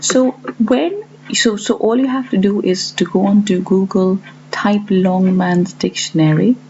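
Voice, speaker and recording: Slow-spoken woman teaching a lesson. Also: mid-range voice, darkish tone. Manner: slow and deliberate, stresses example words. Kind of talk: explaining to learners. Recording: dull lo-fi audio with faint hum.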